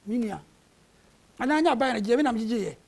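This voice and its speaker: Panelist, raspy with gravelly edges, argumentative and insistent. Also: mid-range voice, animated, fast talker, darkish tone. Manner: argumentative, mixing Twi and English. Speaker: panel guest. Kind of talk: heated political debate. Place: television studio.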